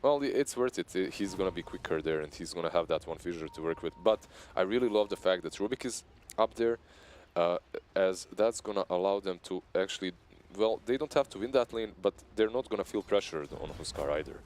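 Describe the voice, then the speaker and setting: A man's voice: deep voice, fairly quick, hardly any pauses, darkish tone, a little hiss or hum. A man with an Eastern European accent giving conversational, analytical esports commentary. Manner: analytical, conversational, laughs easily.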